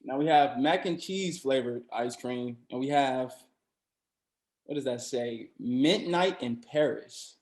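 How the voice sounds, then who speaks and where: A man's voice: medium pitch, takes it slowly, darkish tone. A man hosting a comedy game, upbeat as he reads out the options and answers. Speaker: game host. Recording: roomy echo.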